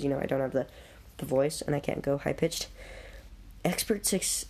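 A video host reading through a list and reacting on the fly, chatty and blurting out quick comments, often stumbling over names. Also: medium pitch, mellow.

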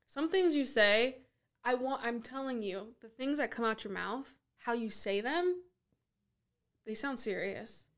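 A woman from Southern California chats as a podcast guest. Her voice is a little higher than most women's. She argues back earnestly but stays friendly. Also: lively intonation, measured pace. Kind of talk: casual chat.

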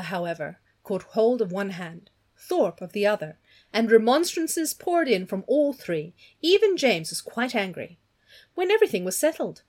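An expressive woman reads a novel aloud, her voice rising and falling with lively swings. She voices the characters and stops now and then to chat about the story. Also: mid-range voice. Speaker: reader of a novel.

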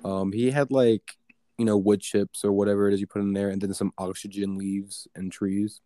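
A man's voice: lowish voice, little pitch movement, moderate pace, warm tone, no echo, studio quality. A young man telling a story in casual chat, rambling with many fillers and swearing. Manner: rambling, filler-heavy, profane.

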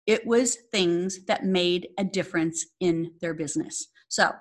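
A woman's voice: on the low side, unhurried. Direct, emphatic woman coaching salon owners. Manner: direct and emphatic, checks in with "okay?".

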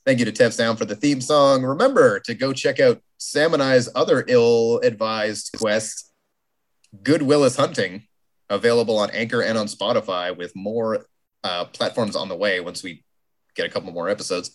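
Podcast host, casual, jokey, mid pitch, quick bursts.

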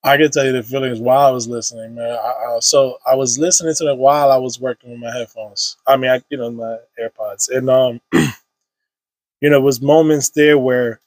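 Man, 30s, podcast guest, emotional storytelling, husky tone, dry close sound. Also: medium pitch, fairly even intonation, a little fast, a little mellow, dry recording. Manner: casual, heavy slang, many restarts and fillers.

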